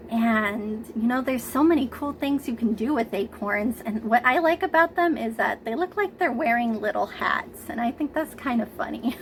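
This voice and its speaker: A woman leads a preschool lesson from home through her computer camera, coaxing young children along in a gentle, unhurried way. Her voice sits a little high with a gravelly fry at the edges. A faint hiss runs beneath the recording. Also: poor audio. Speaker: preschool teacher. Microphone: computer camera mic.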